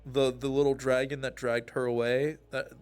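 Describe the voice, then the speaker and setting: A man recapping a roleplay night with loud, profane, animated storytelling. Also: moderate pace, clear, resonant tone, faint music behind. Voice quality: swears freely, gets loud and high when quoting. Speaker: roleplay streamer recapping his character's night.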